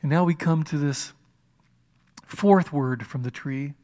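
A man delivers a sermon in church with a voice pitched a little above most men's. His delivery is impassioned, rising to loud emphasis and then dropping to hushed, breathy asides. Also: unhurried. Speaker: pastor.

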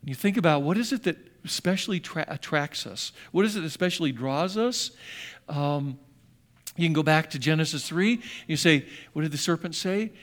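A man preaching a sermon in a dramatic way, acting out quotes and moving from loud bursts to hushed lines. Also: fairly high pitch, expressive, moderate pace. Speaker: pastor.

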